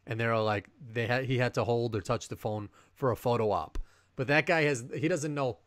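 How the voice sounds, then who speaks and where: A man co-hosting a sports podcast in casual chat, rambling and animated, laughing often. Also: medium pitch, a little fast, no room sound. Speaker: podcast co-host.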